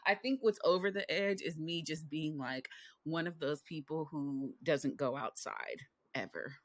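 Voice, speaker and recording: A podcast co-host in their forties chatting casually, sassy and profane, often breaking into loud laughter. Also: medium pitch, unhurried, no echo, clean studio sound. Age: 40s. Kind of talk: casual chat.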